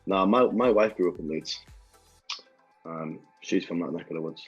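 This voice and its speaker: A man's voice: low-pitched, moderate pace, husky, dull audio, soft background music. A man from Salford with a Salford accent, a podcast guest talking in an easygoing, laid-back way. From Salford, England. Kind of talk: casual chat.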